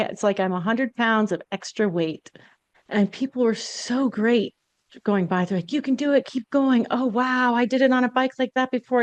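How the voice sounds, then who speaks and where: A woman's voice: fairly low pitch, a little mellow, no room sound. Candid woman recounting a story, dry sound. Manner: candid, confessional. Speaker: podcast host. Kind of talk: personal storytelling.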